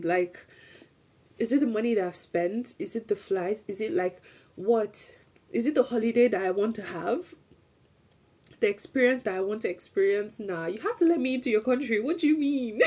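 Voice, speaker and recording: A woman's voice: medium pitch, measured pace, dark tone. A young woman streamer chatting casually as she recaps a trip, rambling through restarts and acting out bits of dialogue.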